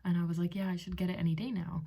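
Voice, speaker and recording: A young woman in her late twenties tells a personal story for her vlog in a rambling, excitable way, stringing thoughts together with plenty of "like" and "um". Her voice sits fairly low and carries a gravelly vocal fry. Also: rapid-fire. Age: late 20s. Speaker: vlogger. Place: at home in a bedroom.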